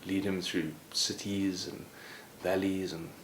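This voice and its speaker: Low-voiced man telling a story. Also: slow pace. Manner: relaxed and conversational, many "sort of" asides. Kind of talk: oral storytelling. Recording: roomy echo, faint background noise.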